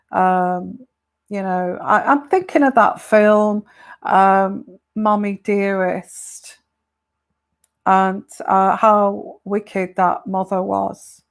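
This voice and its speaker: A woman from the United Kingdom, a tarot reader, talking casually to viewers and giving advice in a slow, hesitant way with many fillers. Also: mid-range voice, fairly even intonation, vocal fry.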